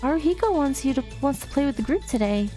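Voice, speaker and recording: A woman's voice: high-pitched, expressive, fast talker, mellow, soft background music, voice pushed up. A woman reading a chatty schoolgirl classmate. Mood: coaxing. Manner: read aloud from on-screen game text. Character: friendly teenage schoolgirl classmate, chatty and caring.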